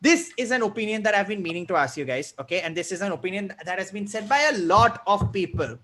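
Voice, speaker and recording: A man's voice: high-pitched, lively intonation, quick pace, a bit bright, a little hiss or hum. A man hosting a comedy opinion show, playful and teasing with his guests. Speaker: host. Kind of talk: casual chat.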